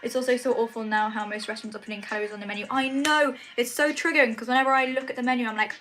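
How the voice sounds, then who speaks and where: A woman's voice: fairly high pitch, fairly even intonation, racing, a bit bright, faint music behind, poor audio. A British woman chatting casually on a live stream, reading out viewer comments and answering them in a chatty, apologetic way. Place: home, at night.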